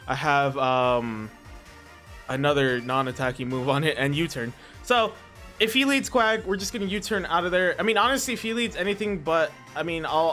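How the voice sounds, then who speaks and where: A young man hosting his own channel, commentating a competitive battle game in a casual, excitable and nervous way, laughing often and tripping over words. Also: on the high side. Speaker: Pokemon battle league competitor and channel host. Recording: faint background music.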